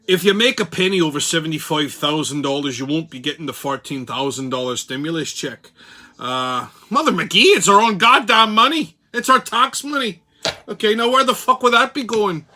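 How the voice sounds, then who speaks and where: Irish pundit voice, whimsical brogue, profane rant, bright tone, as a man puts it on. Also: a little high, full character voice. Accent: put-on Irish. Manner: profane, ranting. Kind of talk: political commentary rant.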